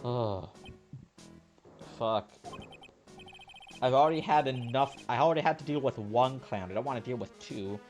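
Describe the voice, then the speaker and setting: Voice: medium pitch, moderate pace, pauses often, a little mellow, soft background music. A let's player giving crude, sardonic commentary while reading a game aloud.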